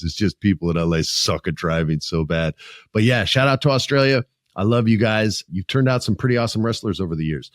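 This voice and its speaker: A man in his forties hosting a casual podcast, talking in an animated, profane way and acting out the people he quotes. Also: low voice, dry recording, clean studio sound. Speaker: podcast host.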